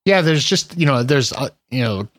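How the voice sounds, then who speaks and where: A man's voice: medium pitch, expressive, moderate pace, fairly bright tone, no room sound. A man co-hosts a tech podcast in an easygoing, casual way. He hesitates often and uses many fillers. The recording is dry and close. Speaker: podcast co-host.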